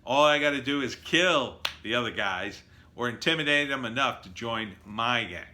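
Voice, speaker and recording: A man delivering a sarcastic, animated opinion monologue as a political commentator. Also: medium pitch, moderate pace.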